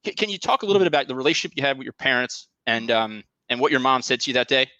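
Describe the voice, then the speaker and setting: A man hosting an interview, his questions quick and full of stammered repeats. His voice is bright and sharp, recorded dry and close. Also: mid-range voice, lively intonation, dry recording, lo-fi sound. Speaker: podcast host.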